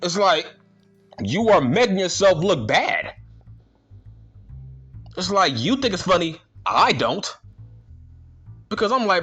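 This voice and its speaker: A man's voice: sits high, sing-song, slow, pauses often, a bit bright, breathy edge, faint music behind. A man ranting in a vlog, indignant and slangy, firing the same rhetorical questions again and again. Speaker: vlogger.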